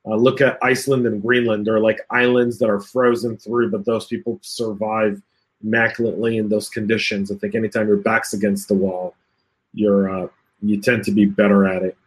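A man's voice: on the low side, flat delivery, moderate pace. A man hosting a casual cybersecurity panel chat, reading out comments, joking and laughing often, with lots of fillers.

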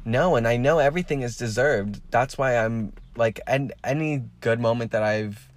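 A man with a mid-range voice hosts a podcast at a moderate pace. He talks frankly and casually, rambling with plenty of fillers and swearing heavily throughout.

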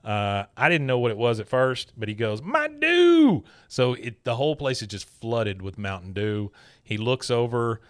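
A man's voice: fairly low pitch, fairly even intonation, normal speed. A man hosting a podcast, recapping a cartoon episode in an easygoing, chatty way. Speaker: podcast host.

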